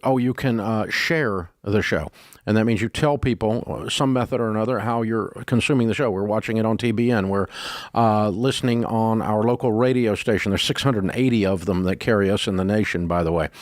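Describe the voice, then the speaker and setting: A man's voice: mid-range voice, dry recording. A man hosting a call-in advice show in a radio studio, giving blunt, directive advice with folksy, rambling asides.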